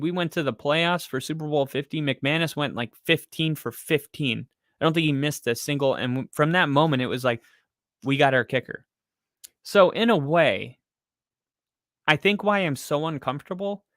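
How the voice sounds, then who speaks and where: A man co-hosting a casual football podcast, rambling and excitable, with lots of fillers. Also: mid-range voice, no room sound, studio quality. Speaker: podcast co-host. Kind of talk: casual sports chat.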